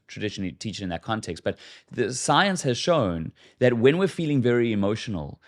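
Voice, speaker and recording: A man explains ideas as a podcast guest, in a casual, conversational way. He often restarts his sentences and acts out sample phrases, speaking at a middle pitch. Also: darkish tone.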